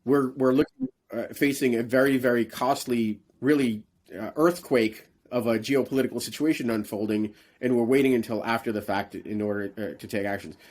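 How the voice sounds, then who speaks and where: A man, a guest in a conversational interview, speaks in a measured way with frequent restarts and fillers. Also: mid-range voice, a little mellow.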